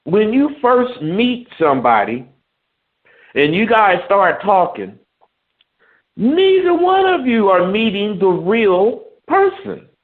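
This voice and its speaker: A man's voice: sits high, very animated, slow pace. A man giving frank, emphatic advice on dating and manhood, swearing freely. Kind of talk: advice monologue. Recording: tinny phone-like audio.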